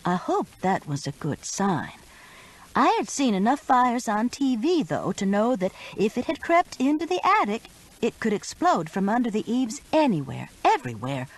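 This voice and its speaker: A woman's voice: a little high, very animated, moderate pace, rough recording. A woman narrating a first-person mystery audiobook with urgent expression.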